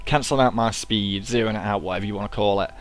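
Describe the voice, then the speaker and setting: Speaking quickly in a lower register, a young man narrates his own gameplay for his YouTube channel, walking himself through every move with casual, self-deprecating humor.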